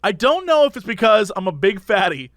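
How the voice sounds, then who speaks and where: High, lively man ranting on a podcast. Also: a little fast. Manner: animated, ranting about pet peeves. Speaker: podcast co-host. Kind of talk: casual chat.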